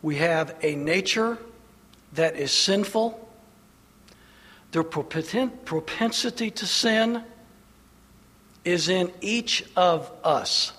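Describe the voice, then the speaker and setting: A man's high-sitting, slightly bright voice with a breathy edge carries a sermon through a large hall's long reverb. He presses the congregation with rhetorical questions, emphatic yet slow and deliberate.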